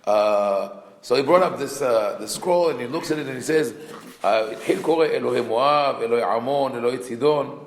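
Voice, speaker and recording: A man, a rabbi, teaching a Torah class, reading Hebrew text quickly and then explaining it in a conversational way. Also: medium pitch, a little hiss or hum. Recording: echoey room.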